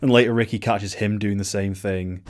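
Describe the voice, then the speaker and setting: A man's voice: on the low side, steady tone, normal speed, noisy background. A man doing casual film commentary at home, sarcastic and mock-pompous. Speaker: video essayist. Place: home room.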